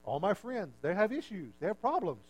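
A male pastor with a notably high voice delivers a sermon in an easy, conversational style. He teases the congregation and mocks himself, often dropping to a low, quiet aside for the punchline. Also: very animated, fairly quick. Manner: conversational, self-mocking, drops voice for punchlines.

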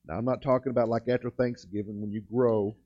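A man's voice: medium pitch, fairly even intonation. Emphatic male pastor preaching, muffled sound. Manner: emphatic preaching, slows and rises on key words, frequent restarts. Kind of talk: sermon. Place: church sanctuary.

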